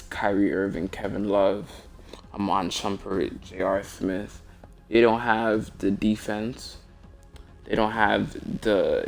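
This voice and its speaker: A man's voice: lowish voice, creaky, a little mellow. A tired young man rambling casually about basketball on a stream as host, with many restarts and fillers. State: tired, yawning. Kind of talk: casual sports talk stream.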